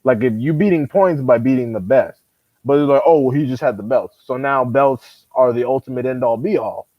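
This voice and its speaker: A man's voice: medium pitch, moderate pace, dry recording, phone-quality sound. A man co-hosting a casual boxing chat, talking in an exasperated, profane and emphatic way. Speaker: podcast co-host.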